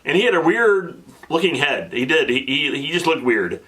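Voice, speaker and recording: A man in his thirties, telling a casual vlog story with excitable, animated energy and many restarts, at times getting emotional. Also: fairly high pitch, moderate pace. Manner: gets emotional. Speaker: vlogger.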